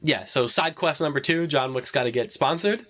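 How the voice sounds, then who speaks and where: A man's voice: a little high, moderate pace, pushed and bright. A young man co-hosting a podcast, casually recapping a movie and acting out the characters' lines. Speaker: podcast co-host. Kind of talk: casual movie review chat.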